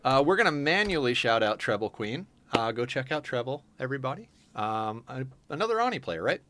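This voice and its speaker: A man's voice: medium pitch, brisk. A man streaming a game live, chatting casually and explaining each step of his plan as he goes. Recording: steady background noise.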